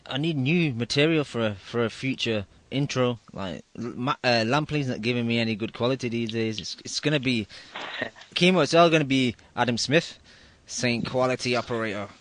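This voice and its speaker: A man's voice: mid-range voice, moderate pace, fairly bright tone, dry recording. A man hosting a boxing podcast, speaking in a wry, blunt, opinionated way. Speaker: podcast host. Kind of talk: casual boxing chat.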